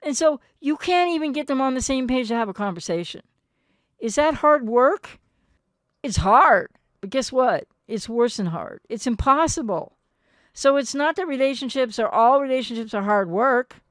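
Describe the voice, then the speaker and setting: Gentle older woman therapist, dry sound. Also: sits high, lively intonation, normal speed, no echo. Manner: earnest and gentle, acts out quoted partners. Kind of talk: advice monologue to viewers.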